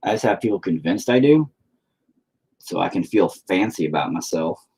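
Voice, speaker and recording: A man's voice: low-pitched, expressive, moderate pace, dark tone, breathy edge. A man rambling to himself while painting, profane and self-deprecating. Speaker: painter talking to camera. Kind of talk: rambling casual monologue.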